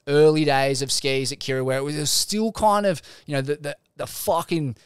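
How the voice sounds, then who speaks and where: A man's voice: on the high side, fairly quick, smooth, no echo, clean studio sound. An Australian man chatting casually on a surf podcast, rambling, swearing and restarting his sentences. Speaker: podcast co-host. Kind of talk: casual chat.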